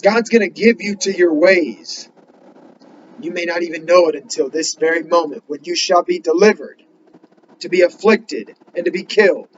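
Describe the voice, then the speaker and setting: High-voiced man preaching urgently. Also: dull audio, background noise. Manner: earnest, urgent, rising to emphatic questions; reads scripture slowly in King James wording. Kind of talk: sermon.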